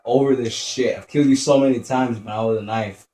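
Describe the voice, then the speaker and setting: A man's voice: medium pitch, steady tone, fairly quick, warm tone. Profane, jumpy young man commenting on a game. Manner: profane, jumpy, mutters to himself. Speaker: gameplay commentator. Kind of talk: gameplay commentary. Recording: echoey room, faint background noise.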